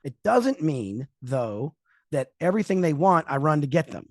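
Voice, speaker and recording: A man's voice: a little high, sing-song, normal speed, no room sound, studio quality. Probing male podcast host. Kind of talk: casual podcast interviewing.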